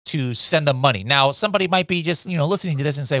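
A man's voice: mid-range voice, lively intonation, fast, few pauses, pushed and bright, no room sound, studio quality. A man hosting a podcast, asking questions in a casual, conversational way with many filler words. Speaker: podcast host.

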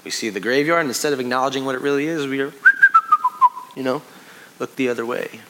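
A man in his thirties giving a conversational sermon as pastor, full of restarts and sinking to a hush on heavy points. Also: medium pitch, fast talker, heavy background noise.

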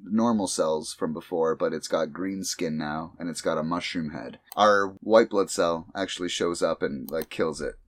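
A man co-hosting a casual chat, recapping a story with sudden high squeaky character voices. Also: normal speed, hardly any pauses. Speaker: podcast co-host recapping an anime.

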